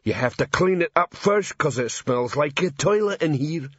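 A man doing a slow-witted troll sergeant. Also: a little high, expressive, fairly bright tone, breathy edge, dry recording, dull audio, pitched above the performer's own voice. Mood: earnest. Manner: slow, deliberate, ungrammatical.

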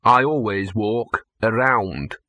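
A man's voice: fairly low pitch, slow pace, bright, forceful tone, no echo. A man voicing a cynical, bow-legged male talking dog with a sardonic, smug manner. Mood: scornful.

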